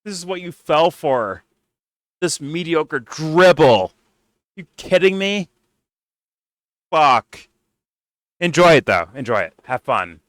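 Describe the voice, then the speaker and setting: A man's voice: a little high, lively intonation, slow pace, long pauses, a bit bright, no room sound, clean studio sound. A man hosting a reaction video, ranting in a profane, exasperated way about what he watches. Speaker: host reacting to a debate. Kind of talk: reaction commentary.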